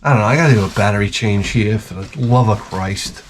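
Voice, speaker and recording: A man's voice: on the low side, a little fast, noisy background. A middle-aged man hosting a crude comedy vlog, opening packages and rambling with lots of swearing, jumping into mock voices to tell stories. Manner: profane, rambling, slips into mock voices for jokes.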